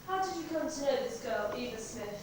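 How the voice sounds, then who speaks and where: A woman's voice: on the high side, lively intonation, brisk, distant mic, close to an everyday voice. A woman rehearsing a stage play, playing an upset young daughter who pleads and accuses emphatically. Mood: accusing. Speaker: amateur stage actor. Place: rehearsal hall. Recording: echoey hall recorded from afar, noisy.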